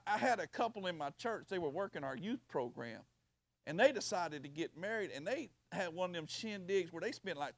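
A middle-aged man with a drawl preaches with a fairly high voice, swinging from loud, urgent passages to quiet, intimate ones. The sound is dry and close. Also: no echo. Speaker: pastor. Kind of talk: sermon. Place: church. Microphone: handheld or stand mic with sound operator.

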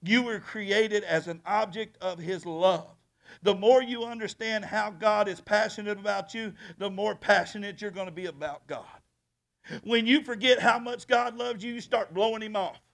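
Gravelly high-voiced man preaching a sermon. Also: moderate pace. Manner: emphatic preaching, swings from soft to shouting. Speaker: pastor. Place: church.

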